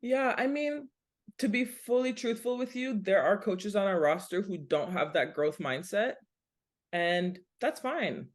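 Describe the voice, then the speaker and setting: A young adult woman, a podcast guest, explaining her work in an earnest, conversational way and listing points in steady runs. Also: mid-range voice, measured pace. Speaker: basketball nonprofit director, podcast guest. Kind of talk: casual interview talk.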